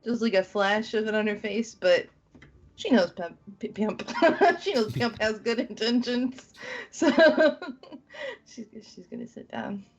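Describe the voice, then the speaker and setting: A woman slowly and hesitantly describing her character in a tabletop game, her voice gravelly and husky. She often breaks into laughter. The recording is muffled, with faint music underneath. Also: on the high side. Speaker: tabletop role-player.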